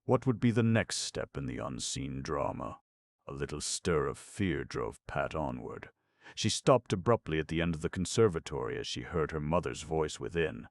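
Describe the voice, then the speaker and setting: A man narrates an audiobook in a measured, expressive reading. His voice is very deep with a gravelly edge. The sound is dry and close, with no room around it. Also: dry recording. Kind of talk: scripted narration.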